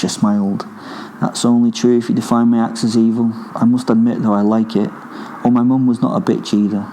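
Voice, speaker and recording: A man narrating a first-person horror story in a menacing, profane, deliberate way. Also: medium pitch, flat delivery, warm tone, a little hiss or hum, rough recording.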